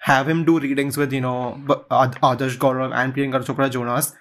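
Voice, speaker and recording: A man co-hosting a podcast, reasoning in a halting, thoughtful way with sarcastic jokes. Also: medium pitch, flat delivery, fairly bright tone. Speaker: podcast co-host, film critic. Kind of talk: casual film review chat.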